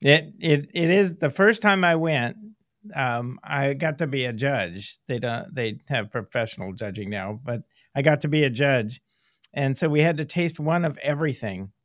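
A man's voice: mid-range voice, moderate pace, a bit bright, no echo, clean studio sound. A middle-aged man hosting a casual interview, rambling and laughing often as he reminisces. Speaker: podcast host, former filmmaker.

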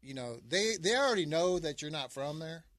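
A man's voice: a little high, lively intonation, a little fast, fairly bright tone, no echo. A man from California, a fishing guide guest in a radio studio, talking in an easygoing way and often repeating his words. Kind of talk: casual radio chat.

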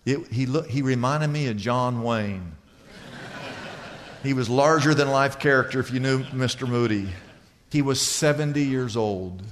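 Pastor telling a story in a reverberant hall. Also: male voice, mid-range voice, unhurried. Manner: animated storytelling, voicing other people in anecdotes. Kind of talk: sermon storytelling.

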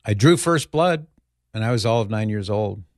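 A middle-aged man hosting a talk radio show, telling stories in a relaxed way with fillers, in a studio. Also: on the low side, moderate pace, no room sound. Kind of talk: casual talk radio chat. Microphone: studio microphone.

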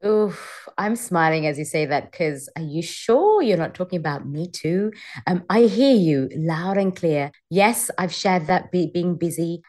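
A woman's voice: on the low side, animated, unhurried, a little mellow. Reflective woman guest on a podcast. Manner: reflective, weighing her words with small restarts. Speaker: podcast guest, former family doctor and meditation teacher. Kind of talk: casual podcast interview.

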